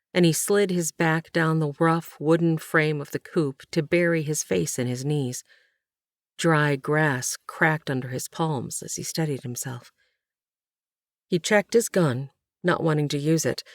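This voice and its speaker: A woman narrating a historical novel as an audiobook, measured and even, on a close studio mic. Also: low-pitched, no room sound. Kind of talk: scripted narration.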